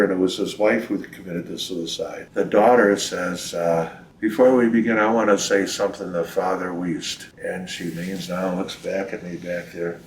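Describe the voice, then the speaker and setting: Older man, priest, low voice, folksy storyteller, roomy, set back from the mic. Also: far from the mic, a little hiss or hum. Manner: reflective, folksy storyteller, quotes people in lively voices. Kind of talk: storytelling in a recorded interview. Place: his home.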